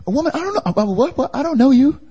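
A man's voice: extremely high pitch, sing-song, fast talker, warm tone, pitched above the performer's own voice. A man putting on a stammering, panicked disciple. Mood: flustered denial. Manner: stammering, evasive, feigning confusion. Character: panicked male disciple denying, flustered.

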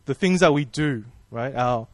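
In a dry recording, a male pastor preaches unhurriedly in a mid-range, darkish voice. He keeps it conversational and warm, praying and posing questions to the congregation.

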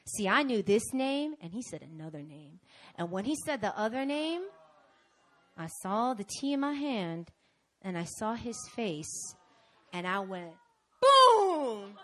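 A young woman preaching and telling a personal testimony, animated, swinging from hushed to loud. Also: mid-range voice, unhurried. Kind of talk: sermon testimony storytelling.

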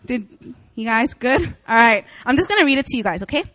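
A young woman preacher giving a casual sermon, chatty and animated, often laughing as she tells stories. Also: a little high, fast, no room sound. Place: church meeting room.

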